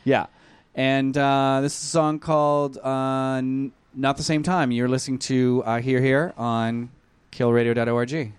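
A man's voice: medium pitch, little pitch movement, measured pace, few pauses, a little hiss or hum. A man co-hosting an internet radio show, chatting casually with a wry, easygoing manner. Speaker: radio co-host. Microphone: studio mic.

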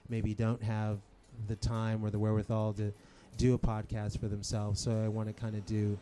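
A man's voice: on the low side, completely flat delivery, moderate pace, noisy background. A man being interviewed as a musician guest, talking casually with a hesitant, rambling manner and frequent laughs.

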